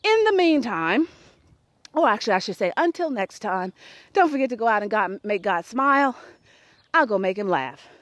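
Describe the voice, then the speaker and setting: A woman in her forties telling a funny family story in a casual, animated way, laughing often and acting out voices. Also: a little high, normal speed, dry recording. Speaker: host.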